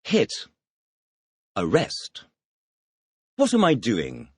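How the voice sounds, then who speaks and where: A man reading the teacher's questions in a scripted audio language lesson, announcing words and asking quick questions. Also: mid-range voice, wildly swooping pitch, husky, no room sound, studio quality. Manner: announces words, then fires quick questions with a clipped "please".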